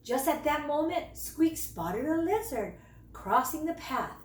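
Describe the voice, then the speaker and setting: A woman teacher reading a children's storybook aloud in an expressive, slow storytelling manner. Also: sits high, recorded from a distance, a little hiss or hum. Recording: roomy, away from the mic.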